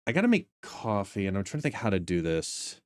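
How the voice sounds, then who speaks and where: Sleepy but talkative, a man greets viewers on a live game stream and chats casually, now and then breaking into silly sung ditties. His lowish voice swings widely in pitch and his delivery is brisk.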